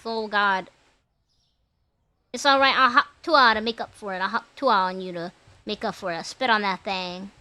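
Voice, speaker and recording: A young woman streamer chatting casually to her viewers while gaming, playful and crude and quick to laugh. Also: on the high side, sharp tone.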